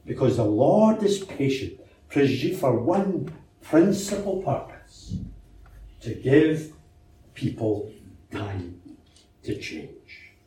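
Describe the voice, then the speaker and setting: A man's voice: mid-range voice, big pitch swings, slow pace, pauses often, mellow, a little hiss or hum. A man preaching a sermon in a conversational way, asking rhetorical questions and telling anecdotes, heard in a church. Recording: very echoey church hall from a distance.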